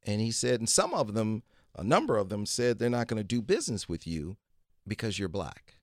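A man's voice: on the low side, very animated, fairly quick, dry recording, clean studio sound. A man telling a long story as a guest, acting out other people's lines in his own voice and repeating "he goes". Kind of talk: casual storytelling.

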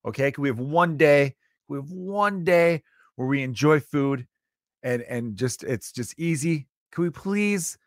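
A man's voice: fairly high pitch, lively intonation, measured pace, no room sound, studio quality. A man ranting in a casual comedic way, swearing often and acting out quoted voices with sarcasm. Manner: profane, sarcastic, acts out quotes.

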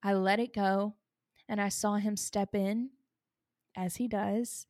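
She hosts a faith podcast and talks about sorrow in an earnest, confessional way, on the verge of tears. Her medium-pitched voice is darkish, fairly even in intonation and unhurried, recorded cleanly in a studio without echo.

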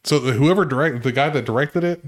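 A man with an ordinary mid-range voice, co-hosting a casual podcast. He talks in a relaxed way, pausing and hedging as he works out his thoughts. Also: mid-range voice. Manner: relaxed, hesitant, many fillers. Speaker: podcast co-host. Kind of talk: casual chat.

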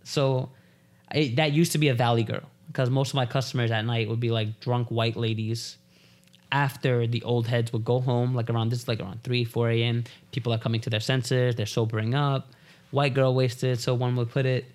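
A man's voice: medium pitch, little pitch movement, moderate pace. A man in the middle of his range, telling stories with a loose, joking ramble. He chats casually as a podcast guest, full of asides and restarts.

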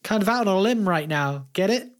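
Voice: mid-range voice, animated, brisk, pitched above the performer's own voice, lightly acted. A player voicing an aging male tree-folk adventurer with a wry, punning manner.

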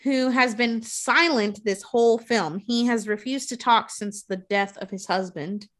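Here a woman with a fairly high voice recounts a film's story at a measured pace. Her casual, profane retelling is full of lively impressions of what the characters said.

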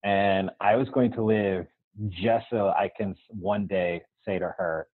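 A man's voice: low-pitched, steady tone, measured pace, dry recording, phone-quality sound. A man telling the story of his life in an interview, earnestly acting out the dialogue and asking "right?" again and again. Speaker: guest.

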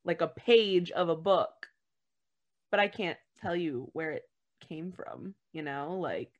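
A woman's voice: fairly low pitch, expressive, takes it slowly, muffled recording. A woman in casual conversation, playful and upbeat, chatting about things she remembers. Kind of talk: casual chat.

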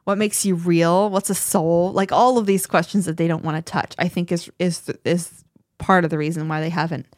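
A woman co-hosting a podcast in easy conversation. She talks in a lively, chatty flow, often doubling back and restarting her sentences. Her voice is recorded close and dry, with no room echo. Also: lowish voice, normal speed. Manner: animated, chatty, many restarts. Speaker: podcast co-host. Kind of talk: casual conversation.

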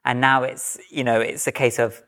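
A man's voice: medium pitch, little pitch movement, moderate pace, a bit bright, clean tone. Earnest, reflective man. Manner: reflective, earnest, thinks aloud with restarts. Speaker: podcast guest. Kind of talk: casual chat.

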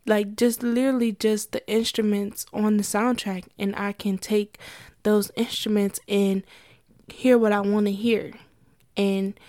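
A woman's voice: mid-range voice, little pitch movement, a little slow, dark tone, no echo, clean studio sound. A young adult woman talking candidly to her listeners in a casual monologue, laughing often between points.

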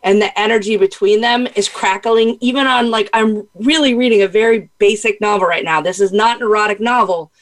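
A woman's voice: medium pitch, brisk, hardly any pauses. Playful, chatty woman podcast host. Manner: chatty, laughs easily, playful asides. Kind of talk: casual podcast conversation.

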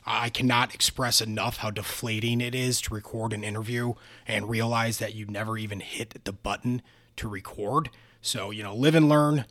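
A man hosting a podcast, talking in a relaxed, conversational way. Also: fairly low pitch, dry recording. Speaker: podcast host. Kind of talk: casual podcast interview.

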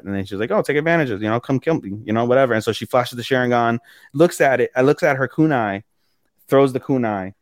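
A man co-hosting a podcast, casually recapping episodes in an animated way, acting out characters' lines and swearing freely. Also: medium pitch, no room sound, clean studio sound. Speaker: podcast co-host.

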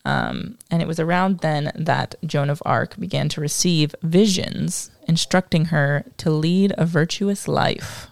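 A woman's voice: low-pitched, unhurried, creaky, hardly any pauses, darkish tone, no echo. A woman co-hosting a casual history podcast, explaining from her notes with filler words and self-deprecating asides. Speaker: podcast co-host.

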